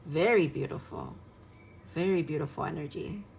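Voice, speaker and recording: Low-voiced woman giving a dreamy tarot reading. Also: normal speed, creaky, a little mellow, slight background noise, low-quality recording. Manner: dreamy, gushing, rambling with fillers. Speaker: tarot reader. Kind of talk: casual spoken tarot reading.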